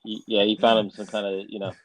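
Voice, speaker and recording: A man co-hosting a comic book podcast, easygoing and quick to laugh, heard through a dull lo-fi mic. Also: on the low side, flat delivery, fairly bright tone, no echo. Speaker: podcast co-host. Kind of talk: casual comic book discussion.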